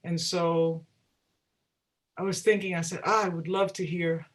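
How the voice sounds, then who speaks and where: Musician lady telling stories on an interview, animated, acts out what people said. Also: on the low side, unhurried. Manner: animated, acts out quoted dialogue. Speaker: singer-songwriter guest. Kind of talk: storytelling in a casual interview.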